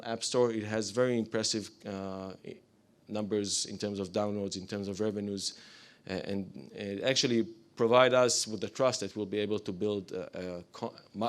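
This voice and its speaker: Hesitant low-voiced man pitching a startup. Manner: hesitant, many fillers, apologetic asides. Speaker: startup presenter. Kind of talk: business pitch to a live audience.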